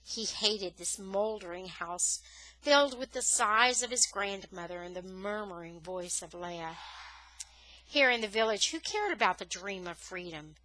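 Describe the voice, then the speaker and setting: A woman's voice: mid-range voice, a little slow, poor audio. A woman reading a novel aloud as a storyteller, lifting her voice on the dramatic moments. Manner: expressive storytelling, rising on dramatic words. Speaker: audiobook reader.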